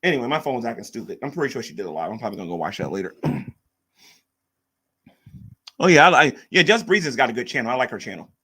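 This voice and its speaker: A man's voice: mid-range voice, very animated, quick pace, long pauses, sharp tone, slightly rough. A man hosting a casual livestream, rambling and repeating himself as he reacts to chat. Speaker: livestream host.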